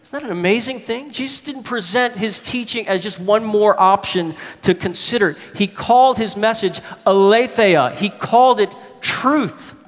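A male preacher giving a sermon, emphatic and jumping up in pitch to stress key words. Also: moderate pace, hardly any pauses. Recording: long hall reverb.

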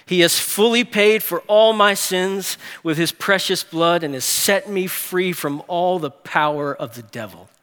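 A man preaching a sermon, moving from hushed, slow phrases to quick, emphatic bursts. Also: sits high, clean tone. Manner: animated preaching with big swings from hushed to emphatic. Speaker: pastor. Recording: long hall reverb.

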